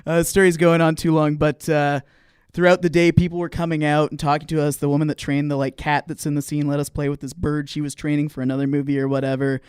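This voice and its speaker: A man's voice: fairly high pitch, little pitch movement, quick pace, darkish tone, clear, resonant tone, no room sound, studio quality. A man in his late twenties, a podcast co-host, telling rambling anecdotes with lots of laughter in casual chat.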